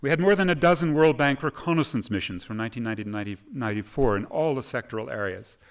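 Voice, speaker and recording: A man's voice: medium pitch, expressive, fast. A man speaking on a conference panel into a microphone, emphatic and quoting sources at length. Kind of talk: conference talk. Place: conference hall. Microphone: microphone at a podium.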